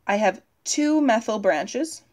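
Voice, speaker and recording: A woman's voice: a little high, expressive, a little mellow. Woman teaching a chemistry lesson. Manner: talks while writing on the board, filling pauses with "okay" and "uh". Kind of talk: recorded video lesson.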